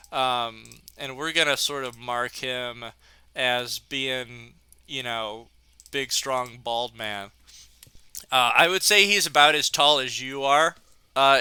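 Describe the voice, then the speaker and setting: A young man running a tabletop fantasy game, narrating in a loose way that is full of fillers. His voice is bright and very clear, and it sounds close and dry. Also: mid-range voice, dry recording. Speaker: game master.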